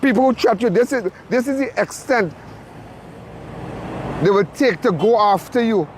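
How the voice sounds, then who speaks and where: A man's voice: high voice, animated, normal speed, a little hiss or hum. A man reporting from a roadside crime scene, talking emphatically, repeating himself and restarting phrases. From Trinidad and Tobago. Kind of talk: impassioned on-the-spot commentary.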